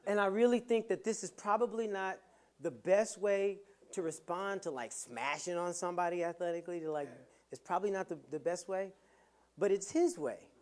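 A preacher giving a motivational sermon with playful humor, swinging from soft asides to loud, emphatic lines. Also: medium pitch, moderate pace.

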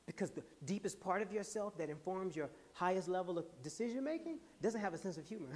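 A man hosting a podcast, giving an animated, laughing, preacher-like motivational talk to a live audience. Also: high voice, fairly quick. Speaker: podcast host and speaker.

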